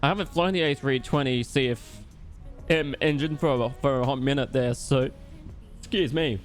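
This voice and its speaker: A man's voice: mid-range voice, normal speed, soft background music. A man streaming a flight simulator, commenting brashly to himself and swearing a lot. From Australia. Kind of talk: live flight-sim gameplay commentary.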